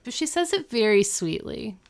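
A woman's voice: on the high side, very animated, normal speed, creaky. A woman in casual chat, recapping a TV episode with lots of "like" and acting out the characters' lines. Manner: chatty, peppered with "like", acts out the characters' lines.

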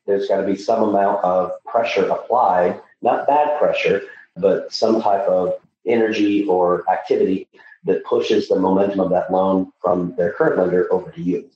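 A man's voice: low-pitched, steady tone, normal speed, warm tone. A middle-aged man coaching loan officers in a podcast conversation, emphatic, with frequent restarts. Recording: echoey, dull, distant mic with faint noise.

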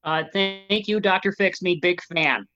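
A gushing board game buff who can't stop naming games, played by a woman. The voice is slow and drawn out yet bright and sharp, caught on a dull, lo-fi recording that blunts the edges. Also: lowish voice, soft background music. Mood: enthusiastic. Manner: enthusiastic, rambling, jumps between ideas. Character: eager male board game expert, gushing.

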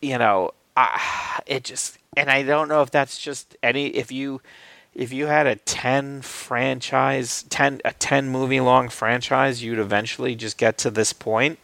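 A man chats loosely about films, stumbling through restarts and fillers and swearing casually. His voice has a gravelly, creaky edge. The sound is dry and close, with no room echo. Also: medium pitch, fairly even intonation, a little slow, sharp tone. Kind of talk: casual film discussion.

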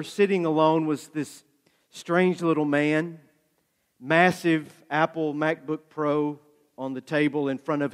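A man preaching a sermon, telling a story with lively acted-out dialogue. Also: a little high. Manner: animated storyteller, acts out dialogue. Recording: long hall reverb.

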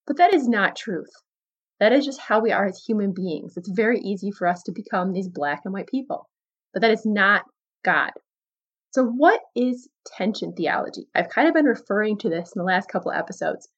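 A woman hosting a casual Christian podcast, talking earnestly to her listeners and reading a story aloud with lively emphasis. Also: medium pitch, highs cut off. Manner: earnest, conversational, often says "like" and "guys". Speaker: podcast host.

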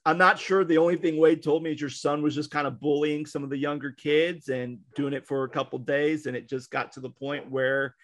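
Animated storytelling man, fairly high voice. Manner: animated storyteller, acts out quotes, frequent restarts. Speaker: podcast co-host, minister. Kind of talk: casual storytelling chat.

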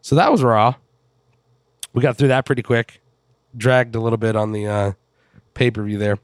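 A man chatting loosely about wrestling as a podcast co-host, with wry asides and some swearing. His voice is smooth and clear. The recording is dry and close. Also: mid-range voice, fairly even intonation, normal speed, dry recording. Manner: rambling, wry, sprinkled with swearing. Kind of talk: casual chat.

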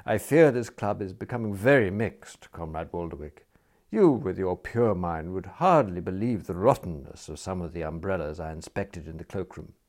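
A man's voice: low voice, animated, normal speed, darkish tone. Guy doing a genial gent, fancy and mock-solemn, voice bobs all over. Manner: cordial, ornate, mock-solemn. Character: genial, grandiloquent gentleman of leisure.

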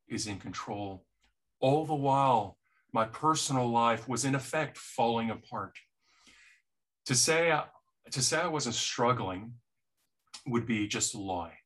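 A man preaching a sermon, talking slowly and earnestly about a personal trial, with frequent repeated starts. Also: mid-range voice, a bit bright. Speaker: pastor.

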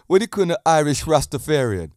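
A man hosting a casual podcast monologue, animated and often laughing at his own jokes. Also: on the high side, fast, dry recording, studio quality. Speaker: podcast host.

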